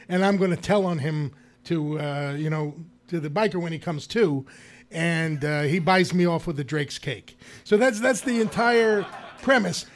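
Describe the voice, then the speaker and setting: A man, a guest actor, telling lively anecdotes in a live stage interview before an audience. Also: fairly high pitch. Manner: animated storyteller, laughs often.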